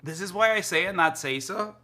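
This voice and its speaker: A man chatting casually to his stream while cooking in his kitchen, excitable and rambling, often repeating himself. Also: sits high, brisk. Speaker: live streamer. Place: home kitchen.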